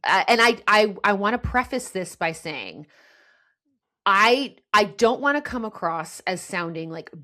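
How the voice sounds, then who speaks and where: A woman's voice: mid-range voice, very animated, measured pace, bright, forceful tone. A woman from the United States hosting a casual podcast chat, earnest and frustrated, often restarting her sentences. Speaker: podcast host.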